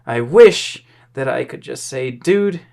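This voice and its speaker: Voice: mid-range voice, expressive, vocal fry, darkish tone. A tipsy podcast co-host who reads posts aloud and teases their partner with dry remarks. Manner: slow, drawn-out reading, dry teasing. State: tipsy from drinking. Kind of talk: casual reading and banter.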